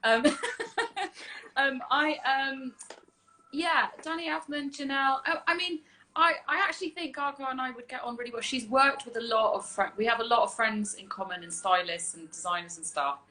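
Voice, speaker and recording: A woman's voice: sits high, moderate pace, pushed and bright, slight background noise. A woman musician chatting as a guest on a livestream, effusive and full of fillers. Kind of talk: casual chat on a livestream.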